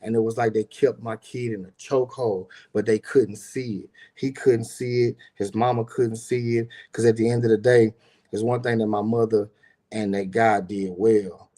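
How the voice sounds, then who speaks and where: Middle-aged guy telling his story, low warm voice, loose and slangy, cusses a lot. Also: level tone, normal speed. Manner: rambling, slangy, swears freely, addresses viewers directly. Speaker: business owner telling a personal story. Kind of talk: casual personal storytelling monologue.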